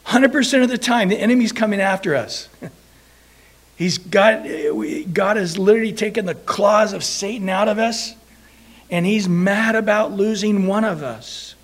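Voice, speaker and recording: A man with a high voice preaches a sermon. He tells the story with animated energy and briefly acts out the voices of the people in it. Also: normal speed.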